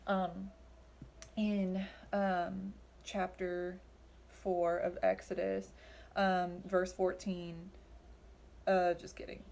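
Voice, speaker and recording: A woman's voice: fairly low pitch, level tone, drawn-out words, gravelly, pauses often, a little mellow. A young woman giving a casual Bible study talk, chatty and full of fillers, acting out the lines she quotes. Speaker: Bible teacher.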